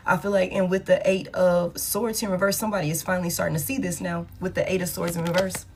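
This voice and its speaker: Woman, tarot reader, casual reading, blunt and profane, fairly low voice. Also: level tone, quick pace, very noisy. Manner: blunt, profane, talks straight to her viewers.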